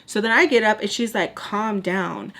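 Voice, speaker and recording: A young woman from Texas telling a casual storytime, blunt and animated, swearing and saying "like" a lot. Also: a little high, fast. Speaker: storytime vlogger.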